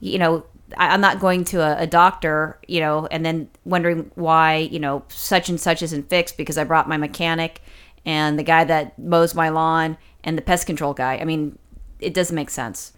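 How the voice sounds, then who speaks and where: Low-voiced, rambling woman co-host. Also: steady tone, moderate pace, fairly bright tone. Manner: rambling, teasing, with repeated fillers. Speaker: podcast co-host. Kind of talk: casual podcast chat.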